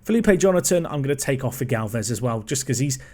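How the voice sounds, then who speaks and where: A man casually commentating his football management game, chatty and excitable, calling the play and talking to himself. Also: mid-range voice, fast talker. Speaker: gaming YouTuber.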